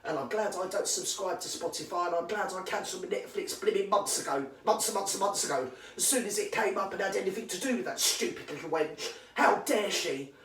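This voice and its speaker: A woman's voice: medium pitch, quick pace, few pauses. Sweary English woman ranting, echoey room. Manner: indignant, sweary rant. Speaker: comedy character vlogger. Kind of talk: ranting character comedy monologue. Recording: echoey room, far from the mic.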